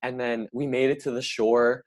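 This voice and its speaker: A young man in a relaxed podcast chat, telling a story in a meandering way. He keeps restarting and stacks filler words as he goes. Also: medium pitch, normal speed. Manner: rambling, heavy filler "like". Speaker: podcast co-host. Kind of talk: casual storytelling.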